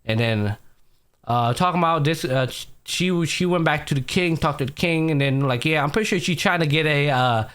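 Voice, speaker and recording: A man's voice: on the high side, normal speed, fairly bright tone, smooth. Slangy young man recapping anime. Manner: retells scenes by acting out characters' lines; loose, swearing slang-heavy talk. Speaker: podcast host. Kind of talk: casual anime recap chat.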